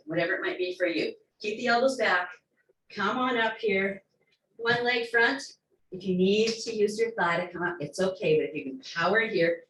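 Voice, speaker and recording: A woman's voice: medium pitch, fairly bright tone, slight background noise. Woman coaching a stretch class in an echoey room. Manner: encouraging, breath-led instruction with playful asides. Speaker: fitness instructor. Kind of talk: guided workout cues. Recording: echoey room, mic far off.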